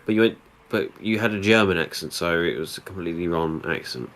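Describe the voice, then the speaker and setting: A man's voice: sits low, a little fast. A man co-hosting a game stream, teasing his friend in casual banter. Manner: teasing banter, lively sing-song delivery. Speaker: co-host. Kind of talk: casual live-stream chat.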